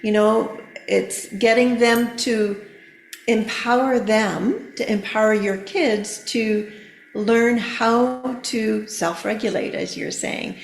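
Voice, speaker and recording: A middle-aged woman, a therapeutic coach on a podcast, explaining gently with many fillers. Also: fairly high pitch, fairly even intonation, takes it slowly, vocal fry, echoey room. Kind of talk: casual podcast conversation.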